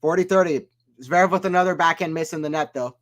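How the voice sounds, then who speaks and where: A Southern American man with a fairly high, fairly bright voice talks quickly while doing laid-back play-by-play on a live stream. He's chatty with his viewers, reading their messages aloud and wandering off topic.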